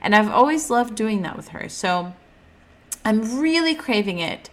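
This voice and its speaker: A young woman talks through a casual podcast monologue. She is candid and chatty, fills her speech with "like", and turns animated whenever she quotes someone else. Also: on the high side, measured pace. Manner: candid and chatty, heavy use of "like", animated when quoting others. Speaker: podcast host.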